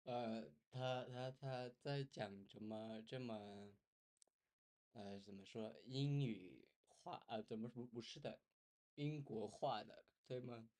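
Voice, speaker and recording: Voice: mid-range voice, slow pace, darkish tone. A viewer reacting to a language video, repeating the sounds aloud and making casual remarks.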